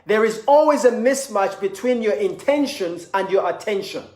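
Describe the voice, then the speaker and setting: A man's voice: high-pitched, lively intonation, moderate pace, a little mellow. A man giving a motivational seminar talk, emphatic and repetitive, telling stories to make his points. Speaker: motivational speaker. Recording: echoey room.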